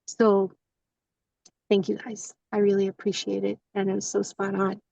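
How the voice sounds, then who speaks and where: A woman's voice: mid-range voice, completely flat delivery, normal speed, creaky, dark tone, dry recording, recorded from a distance, muffled recording. A woman sharing openly in casual talk, rambling with many fillers and acting out her own thoughts. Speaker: community member sharing.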